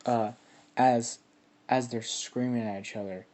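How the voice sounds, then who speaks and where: A man's voice: medium pitch, steady tone, unhurried, a little mellow. A man casually telling a made-up fan story, rambling with lots of filler words.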